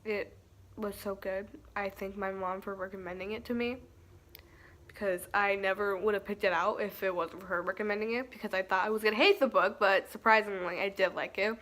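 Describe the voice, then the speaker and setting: A woman's voice: medium pitch, fairly even intonation, a little fast, a bit bright. Chatty young woman reviewing a book. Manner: chatty and earnest, with fillers and restarts. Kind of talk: casual spoken book review.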